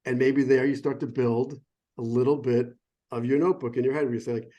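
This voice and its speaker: A middle-aged American man works as a sommelier and talks in a relaxed, enthusiastic way. He rambles and keeps breaking off his own sentences. His voice sits in an ordinary middle pitch. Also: fast talker. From United States. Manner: enthusiastic, digressive, self-interrupting. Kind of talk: casual explanatory chat. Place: phone or remote call.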